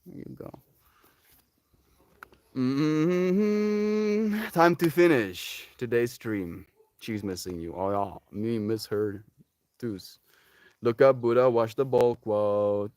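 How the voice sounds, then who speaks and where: A man's voice: mid-range voice, slow pace, darkish tone, smooth. A young man on a casual solo live stream, rambling playfully and slipping into baby talk with his pets.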